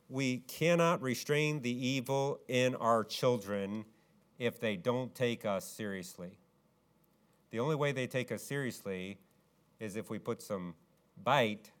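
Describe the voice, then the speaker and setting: Man preaching with sudden loud rises. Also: medium pitch, a little slow, long pauses. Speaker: pastor. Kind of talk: sermon.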